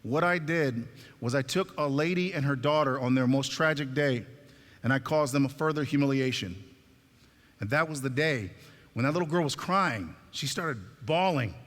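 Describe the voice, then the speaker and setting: Bright-voiced man telling a story on stage. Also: mid-range voice, normal speed, long reverb tail. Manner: animated, acts out the dialogue. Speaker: speaker at a talk.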